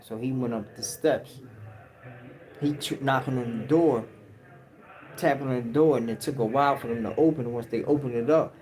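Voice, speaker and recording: Guy telling a story on stream, slangy, mid pitch, warm dark tone. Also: normal speed, rough recording. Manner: slang-heavy, acts out quotes. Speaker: livestream host. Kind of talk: casual storytelling.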